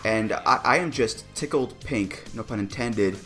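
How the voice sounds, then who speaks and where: Chatty amused man, lowish voice. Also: measured pace, a bit bright, soft background music. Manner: chatty, amused, with frequent restarts and laughs. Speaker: podcast co-host. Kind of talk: casual review chat.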